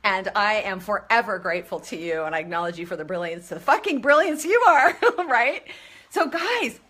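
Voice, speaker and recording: A woman's voice: medium pitch, expressive, moderate pace, a bit bright. A middle-aged woman hosting a live stream, gushing and effusive, greeting viewers by name and swearing freely as she talks.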